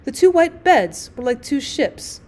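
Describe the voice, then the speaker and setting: A woman's voice: sits high, very animated, measured pace, darkish tone. A young woman reading a classic short story aloud as a teacher, voicing the dialogue expressively.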